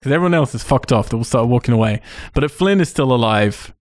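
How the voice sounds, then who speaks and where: A man's voice: mid-range voice, lively intonation, fast talker, no room sound, studio quality. A man hosting a casual podcast, retelling a film's scenes with swearing and laughs. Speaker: podcast host. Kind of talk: casual film review chat.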